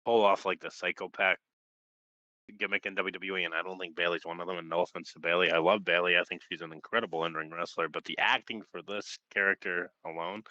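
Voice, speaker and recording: A man's voice: deep voice, flat delivery, fast, sharp tone, no room sound. A man co-hosting a casual wrestling podcast, talking with enthusiasm and swearing now and then. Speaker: podcast co-host. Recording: dull lo-fi dry mic.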